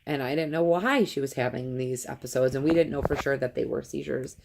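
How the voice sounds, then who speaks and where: A woman's voice: rumbling low, fairly quick, gravelly, noisy background. A mother in her thirties tells a personal story to camera in an earnest, emotional way and acts out the quotes. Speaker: vlogger, mother.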